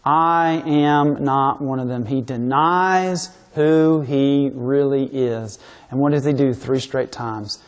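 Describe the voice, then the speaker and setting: A man's voice: mid-range voice, darkish tone. A man preaching a sermon, asking his listeners rhetorical questions and reading scripture aloud.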